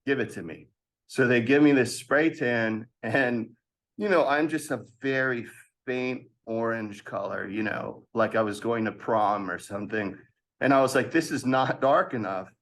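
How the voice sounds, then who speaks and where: A man in his thirties, appearing as a podcast guest in a casual interview, tells an animated story from his past. His voice is medium-pitched and measured, and he laughs while acting out other people's voices.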